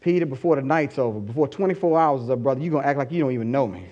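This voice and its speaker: A man voicing Jesus as a calm, knowing male teacher who gives a quick, matter-of-fact warning. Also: medium pitch, dull audio, voice pushed down, close to an everyday voice.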